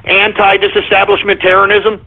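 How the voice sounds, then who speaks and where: Mocking high-voiced male radio host. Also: completely flat delivery, brisk, vocal fry, husky. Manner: loud, mocking, rambling. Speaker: radio talk show host. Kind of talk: shock-jock call-in radio. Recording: lo-fi phone-like radio sound.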